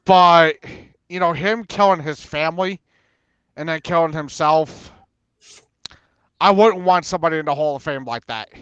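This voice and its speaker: Animated man telling wrestling stories. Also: fairly high pitch, moderate pace, clear, resonant tone, no room sound, dull audio. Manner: animated storyteller, acts out quotes, laughs often. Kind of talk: casual chat.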